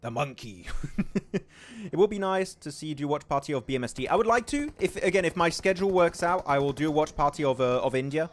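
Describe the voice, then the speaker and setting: Excitable young man casting esports. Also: a little high, fast. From England. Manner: excitable, reads chat aloud. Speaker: esports caster. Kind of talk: casual livestream commentary.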